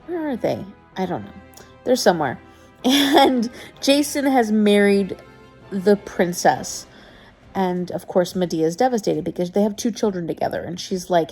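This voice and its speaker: A woman's voice: mid-range voice, a little slow, dark tone, soft background music. A young adult woman chatting casually to camera as a book vlogger, tired, laughing often and retelling loosely with restarts. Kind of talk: casual vlog chat to camera.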